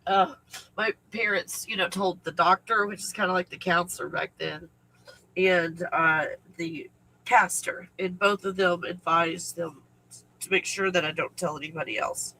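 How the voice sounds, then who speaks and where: A man's voice: sits high, steady tone, normal speed, creaky, bright, forceful tone, slight background noise, low-quality recording. A man talking straight to his audience in a rambling personal monologue, full of fillers and restarts. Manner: rambling with fillers, breaking into tearful laughter. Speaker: video host recounting memories.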